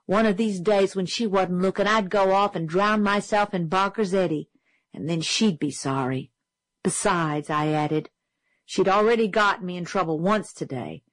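A woman reading a novel aloud as an audiobook narrator, steady and clear. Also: on the low side, normal speed, dry recording, rough recording. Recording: dry close studio sound.

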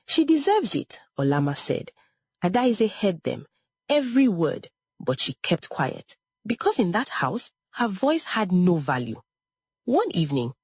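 Brief: woman narrator, low husky voice, lively expressive delivery. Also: no room sound. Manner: expressive, dramatic pauses. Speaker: storyteller. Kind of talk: scripted story narration.

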